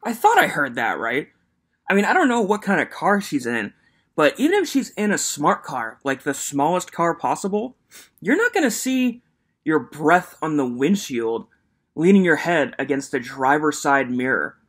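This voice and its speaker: A reaction commentator with a very lively, swooping voice that climbs high when incredulous. The delivery is sarcastic and mocking, and the host breaks into laughter easily. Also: moderate pace, husky.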